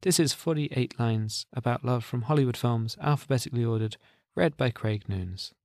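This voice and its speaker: A man hosting a podcast, calmly explaining the background of a poem in a scripted introduction. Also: mid-range voice, normal speed, vocal fry. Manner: calm, explanatory. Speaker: podcast host.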